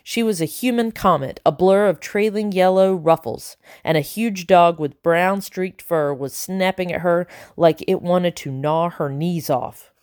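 Brief: woman audiobook narrator, lower voice, dry close sound, animated storytelling. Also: unhurried, hardly any pauses, dry recording. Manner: lively, voices the characters. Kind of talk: scripted narration.

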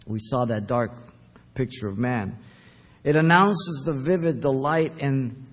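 A man's voice: mid-range voice, darkish tone, husky. Emphatic male preacher teaching scripture. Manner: emphatic, deliberate, with fillers. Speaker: pastor. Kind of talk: verse-by-verse Bible teaching.

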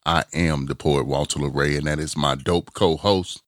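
A man hosting a podcast in a casual, drawn-out talking manner. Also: rumbling low, fairly even intonation, dry recording, studio quality. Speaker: podcast host.

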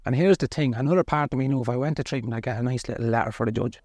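A man's voice: medium pitch, very fast, darkish tone, no room sound, studio quality. A middle-aged man with an Irish accent, a podcast guest telling his own story in a blunt, earnest, colloquial way. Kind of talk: candid personal storytelling.

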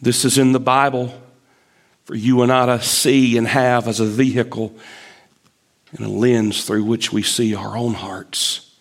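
A man preaching a sermon, emphatic, climbing high as he drives a point home and acting out the prophet's complaints. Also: flat delivery, a little slow.

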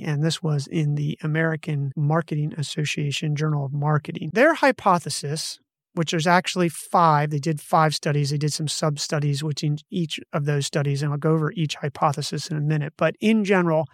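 A man's voice: fairly high pitch, no room sound, studio quality. A man hosting a podcast, casually walking through a research study from his notes and correcting himself as he goes. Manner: conversational, self-correcting, reads from notes. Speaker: podcast host.

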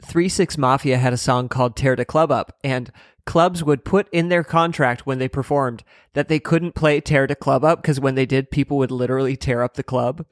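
A man's voice: mid-range voice, fairly even intonation, moderate pace, no echo. A man co-hosting a book podcast, making dry jokes in casual chat and laughing often. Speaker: podcast co-host.

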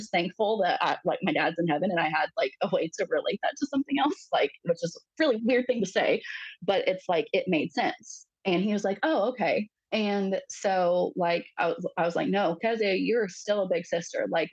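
Woman, 30s, podcast guest; husky, lowish voice, halting delivery full of fillers, dry muffled recording. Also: no room sound. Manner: halting, frequent fillers, acts out quoted voices. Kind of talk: personal storytelling in an interview.

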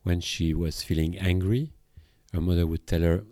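Low, mellow Belgian-French man, reflective. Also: fairly even intonation, moderate pace, dry recording, studio quality. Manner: reflective, with hesitations and restarts. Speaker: therapist. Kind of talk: podcast monologue on emotions.

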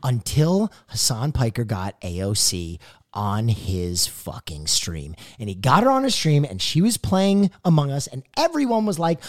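A young man and podcast co-host, telling a story in a theatrical way, acting out quoted lines with shouts and laughter. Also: medium pitch, very animated, unhurried. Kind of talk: animated storytelling.

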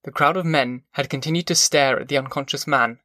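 Male audiobook narrator, bright tone, dry close mic. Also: medium pitch, no echo. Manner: measured, even storytelling.

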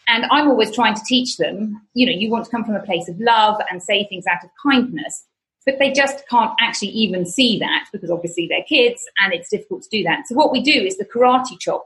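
A woman's voice: mid-range voice, a bit bright, rough recording. A mother hosting a podcast, chatting in a self-deprecating, humorous way. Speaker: podcast host. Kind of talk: casual podcast conversation.

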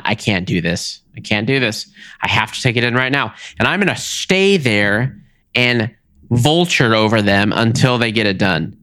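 A man's voice: fairly low pitch, no room sound. A young man talks straight to his listeners, his voice jumping up and down as he acts out each side of a back-and-forth. He sounds exasperated but easygoing, and the recording is close and dry with no room around it. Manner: animated, exasperated, acts out both sides of conversations. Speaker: podcast host. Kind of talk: casual storytelling monologue.

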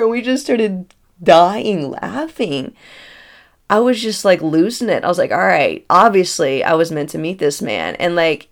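A woman, telling a personal story in a casual, animated way, acting out dialogue and laughing often. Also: on the low side, unhurried. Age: 30s.

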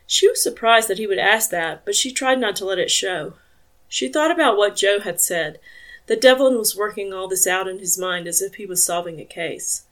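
Woman narrating an audiobook softly. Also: mid-range voice, fairly quick. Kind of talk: scripted narration.

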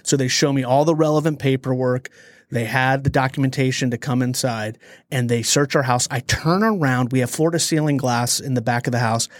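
A man co-hosting a podcast, telling a story in a lively, dramatic way. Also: medium pitch, no echo. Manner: animated storyteller, dramatic pauses. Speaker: podcast co-host. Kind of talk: casual storytelling chat.

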